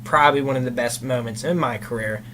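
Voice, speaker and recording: A man's voice: medium pitch, fast talker, sharp tone, slight background noise. A young man, a guest in a casual chat, telling a long story with lots of "you know" fillers.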